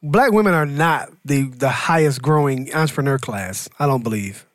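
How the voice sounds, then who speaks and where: A man's voice: mid-range voice, lively intonation, moderate pace, dry recording, studio quality. A man co-hosting a casual podcast chat, skeptical and sarcastic, arguing his points. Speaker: podcast co-host.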